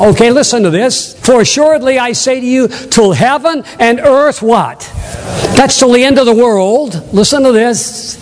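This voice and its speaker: A man's voice: very high voice, lively intonation, normal speed, darkish tone, in a large hall, rough recording. A male pastor preaching a sermon with exuberance, prompting the congregation to call back answers. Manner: exuberant, calls for audience responses. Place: church sanctuary.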